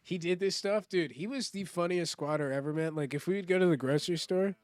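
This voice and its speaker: A man's voice: fairly high pitch, fast, clear, resonant tone, no echo. A young man, a comedian telling a story in casual chat, laughing often and swearing a lot. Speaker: comedian guest. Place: studio.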